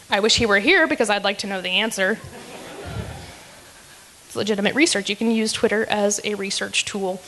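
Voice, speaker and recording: A woman's voice: medium pitch, fairly quick, long pauses, fairly bright tone, slight background noise. A woman hosting a live comedy roast, teasing speakers with a giggly, filler-heavy delivery. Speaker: roast emcee.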